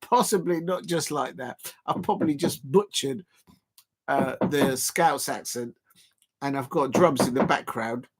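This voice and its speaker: A man's voice: medium pitch, measured pace, husky. A man hosting a live football watch-along, chatting loosely to viewers and filling gaps with ums and restarts. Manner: rambling, full of fillers and restarts, talking to chat viewers.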